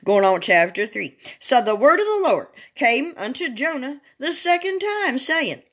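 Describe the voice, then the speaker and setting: A woman reading Bible chapters aloud in a sing-song, drawn-out dramatic way, breaking off for chatty asides to her listeners. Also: high-pitched, big pitch swings, fairly bright tone. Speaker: Bible reader.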